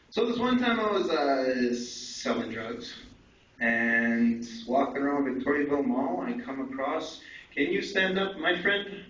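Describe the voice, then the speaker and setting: A young man telling his life story at a conference, candid and animated, with asides to the audience. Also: medium pitch. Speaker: conference speaker. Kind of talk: personal story told to an audience. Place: conference hall. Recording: echoey hall from far off, dull and faintly noisy.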